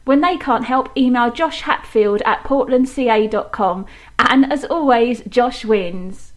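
A woman's voice: on the high side, a little slow. A woman announcer reading a scripted, upbeat podcast outro. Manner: upbeat, promotional. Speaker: show announcer.

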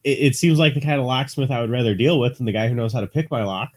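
A man with a mid-pitched voice talks casually on a podcast. He tells things in an animated way, building up little stories for his friends. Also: rapid-fire.

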